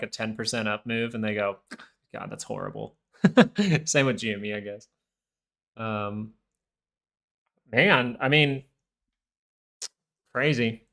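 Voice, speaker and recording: A man talks through charts on a live market stream in a loose, rambling way, often restarting his sentences. His pitch sits at an ordinary middle level for a man. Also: fairly bright tone. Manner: casual, rambling, many restarts. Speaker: stock market livestream host.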